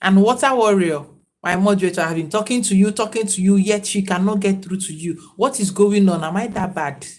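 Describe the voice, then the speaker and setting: A woman hosts a livestream and talks in a casual, reflective way. Her voice sits at an ordinary middle pitch. She sounds preachy and speaks straight to the people watching. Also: brisk, a little mellow. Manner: reflective, preachy, greets viewers by name. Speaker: livestream host.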